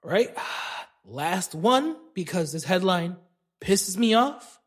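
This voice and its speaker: A man with a very high voice hosts a solo comedy podcast. He rants with heavy profanity and indignation. His delivery is slow and drawn out. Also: big pitch swings, slightly rough. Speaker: podcast host.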